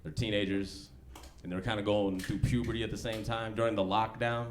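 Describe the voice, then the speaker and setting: A man's voice: on the low side, level tone, a little fast. A man in his thirties doing a stand-up set in a comedy club, talking loose and slangy. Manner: loose, slangy, conversational delivery. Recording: live club recording, background noise.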